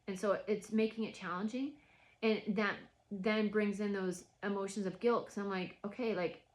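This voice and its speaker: A woman's voice: mid-range voice, fairly even intonation, normal speed. A woman vlogging from home in a reflective, rambling monologue, full of restarts and filler words.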